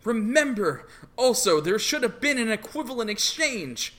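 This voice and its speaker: A player voicing a young woman who is panicked and accusing, with a lively, bright voice. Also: medium pitch, moderate pace. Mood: urgent. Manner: urgent, accusing. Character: young woman, frantic and suspicious.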